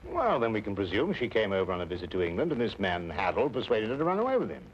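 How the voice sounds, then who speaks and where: An actor playing an amiable Victorian doctor in a 1950s TV drama, talking in a thoughtful, musing way. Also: male voice, on the low side, huge pitch swings, quick pace, breathy edge, exaggerated voice. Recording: dull old TV soundtrack with faint hiss.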